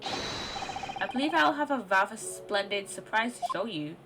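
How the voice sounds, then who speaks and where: A woman voicing a genteel, eccentric male detective who speaks politely and theatrically, over loud music. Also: medium pitch, expressive, measured pace.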